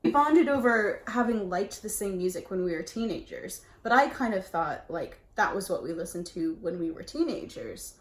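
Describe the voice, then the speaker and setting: A woman's voice: mid-range voice, expressive, moderate pace, hardly any pauses. A young woman from the United States, playfully interviewing her husband in a casual chat. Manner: laughs often, playful. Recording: echoey room.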